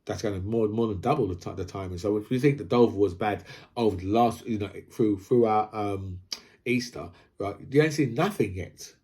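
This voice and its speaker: A man's voice: on the low side, moderate pace, darkish tone. A man from Britain, ranting casually about politics, rambling, repeating himself and asking "right?" again and again. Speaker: political commentator.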